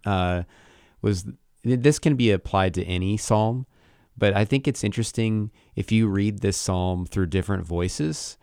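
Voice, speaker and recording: A man with a very low, gravelly voice talks through scripture on a podcast. He is thoughtful and halting and often restarts his sentences. The sound is dry and close to the mic. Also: warm tone, no room sound. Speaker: podcast co-host. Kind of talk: casual Bible discussion.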